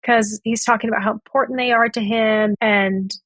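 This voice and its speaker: A woman's voice: on the high side, steady tone, normal speed, fairly bright tone, no echo. A woman guest on a podcast, retelling a past relationship and acting out both sides of the conversations. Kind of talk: storytelling in a podcast interview.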